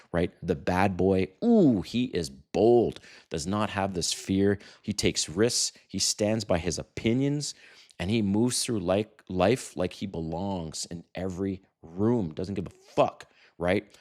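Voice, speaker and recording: A middle-aged man giving dating advice to camera in a brash, profane, animated way, acting out quotes. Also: sits low, normal speed. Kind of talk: casual to-camera talk. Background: sirens outside.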